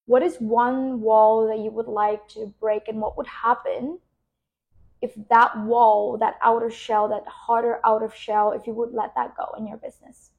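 A woman podcast host and business coach, speaking slowly and soothingly as she guides a relaxation and coaching reflection. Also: on the high side, little pitch movement, gravelly, narrow, tinny audio.

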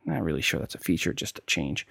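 New york guy running a tech podcast, gravelly low-ish voice, goes up and down a lot. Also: sing-song, fast talker, fairly bright tone, dry recording, clean studio sound. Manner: chatty, explains steps one by one. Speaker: podcast host. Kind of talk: casual tech podcast talk.

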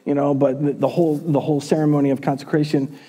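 A male pastor preaching a sermon in a church, telling the story in an animated, casual way. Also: a little high, fast.

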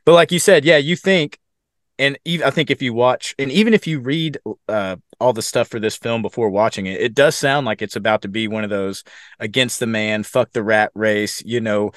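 A man's voice: medium pitch, no room sound. Podcast co-host, man, medium voice, easygoing, cusses, dry close sound. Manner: relaxed, swears casually, retells scenes. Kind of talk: casual film discussion.

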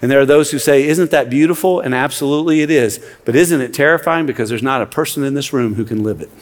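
A man's voice: mid-range voice, quick pace. A man preaching a sermon in a church, impassioned, often repeating words as he presses his points. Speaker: pastor. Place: church sanctuary. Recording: long reverb of a large hall.

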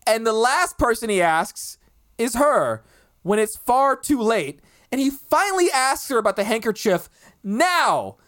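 A woman casually retelling a play, animated and swearing, acting out the characters' lines as she goes. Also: on the high side, unhurried, dry recording, clean studio sound.

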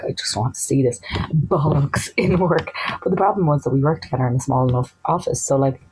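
An Irish woman telling a personal anecdote in a chatty, animated way, acting out the lines of the people in it. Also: very deep voice, breathy edge, low-quality recording. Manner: chatty, animated, acts out quoted dialogue. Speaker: storyteller.

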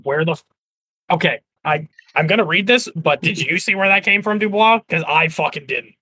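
A man playing a tabletop game, reacting quickly and swearing. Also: a little high, pushed and bright, breathy edge, dry recording. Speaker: player.

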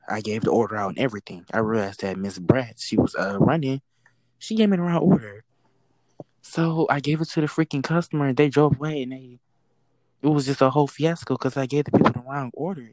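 A woman who works a fast-food drive-thru window, telling a work story in casual chat, acting out the quoted exchanges and swearing freely. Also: extremely low pitch, darkish tone, no echo, poor audio.

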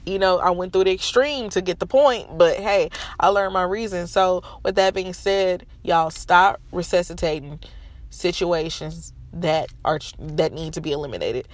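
A woman's voice: lowish voice, normal speed. A woman in her thirties telling viewers a painful personal story from her parked car, frank and emotional, with a stuffy nose. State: stuffy nose from holding back tears. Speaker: vlogger. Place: parked car in a school parking lot.

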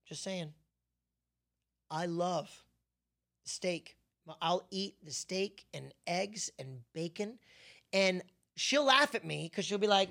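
A man's voice: high voice, slow, creaky, pauses often, bright, forceful tone. A man hosting a faith podcast, preaching in a loose, joking, self-deprecating way full of asides.

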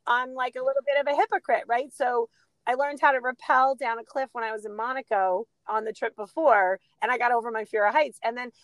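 A middle-aged woman co-hosting a podcast, telling animated stories and laughing often in a casual chat. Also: on the high side, brisk, no room sound. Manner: animated storytelling, laughs often, gives shout-outs. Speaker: podcast co-host.

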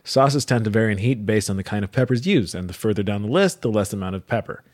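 A man's voice: lowish voice, animated, fast talker, a little mellow. A man co-hosting a podcast in casual chat, joking, swearing and stumbling over facts he reads out. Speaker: podcast co-host.

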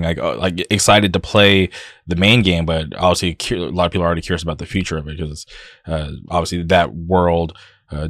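A man hosting an interview, asking questions in a relaxed, enthusiastic way. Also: sits low, no room sound, studio quality. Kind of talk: casual interview chat.

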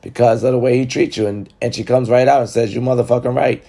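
A man's voice: medium pitch, steady tone, fast, warm tone. A man talking to viewers in a blunt, profane, casual monologue, giving relationship advice. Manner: blunt, profane and talkative, addressing viewers directly.

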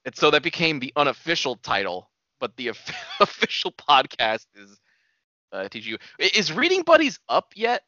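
Bright-voiced man on a dry lo-fi podcast. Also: fairly high pitch, moderate pace, dry recording. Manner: relaxed, joking, swears casually. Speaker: podcast co-host. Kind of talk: casual chat.

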